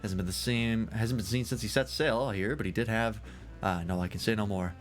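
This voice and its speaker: Over soft background music, a man with a fairly low, near-everyday voice reads game dialogue in character at a fairly quick clip. He plays a jovial, long-winded male scholar who loves drink, storytelling grandiloquently and theatrically with a conspiratorial mood.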